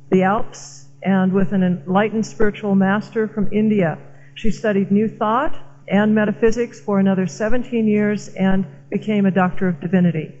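A woman's voice: medium pitch, in a large hall, dull audio. A woman host reading an earnest introduction of the guest speaker to a church audience. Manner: earnest, excited.

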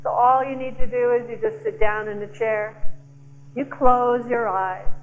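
Slow, emphatic woman giving a spiritual talk. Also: a little high, steady tone, narrow, tinny audio. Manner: slow, emphatic, playful with audience. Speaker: guest speaker. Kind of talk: inspirational talk to a church audience.

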